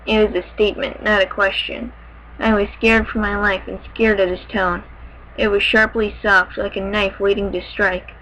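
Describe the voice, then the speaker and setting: A woman's voice: medium pitch, flat delivery, moderate pace, a bit bright, slight background noise, low-quality recording. A woman reading fan fiction aloud in a dramatic way, breaking off now and then for wry, joking asides. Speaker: fanfiction reader.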